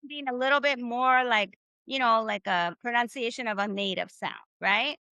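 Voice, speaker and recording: A woman's voice: a little high, moderate pace, vocal fry, pushed and bright, smooth, no room sound, muffled recording. A woman teaching a live online Spanish class, upbeat and encouraging as she leads the group through repetition drills.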